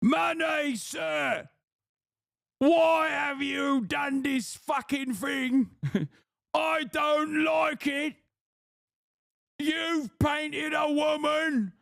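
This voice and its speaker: Guy doing a high shrieky medieval whiner, fake british accent, yelling slow and outraged. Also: steady tone, gravelly, dry recording, clean studio sound, full character voice. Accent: mock British. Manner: shrill, outraged, drawn-out whining. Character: indignant whiny medieval male art critic.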